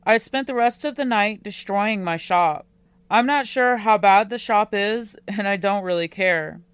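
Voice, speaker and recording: A woman narrating a first-person teen romance audiobook in a quiet, unhurried way. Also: medium pitch, clean tone, no room sound.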